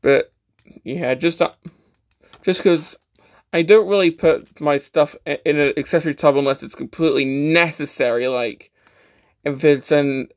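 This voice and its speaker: Slightly slow and a little high in pitch, a man gives a casual toy review. He keeps stammering and restarting, plugging gaps with "uh," and his tone is self-deprecating and matter-of-fact.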